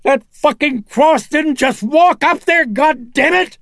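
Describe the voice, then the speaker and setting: A man voicing a distraught middle-aged mother whose shouts crack and go shrill. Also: very animated, unhurried, creaky, slightly rough, dry recording, studio quality, heavily acted. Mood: furious.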